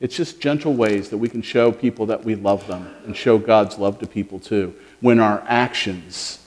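Animated man giving a children's sermon. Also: on the low side, moderate pace, big-room sound. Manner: animated, questioning, talks to children. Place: church sanctuary.

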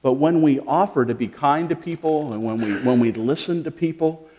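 Friendly male pastor, children's sermon, lively and questioning, in a church. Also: on the high side, normal speed, in a large hall, a little hiss or hum. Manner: animated, questioning, talks to children. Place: church sanctuary.

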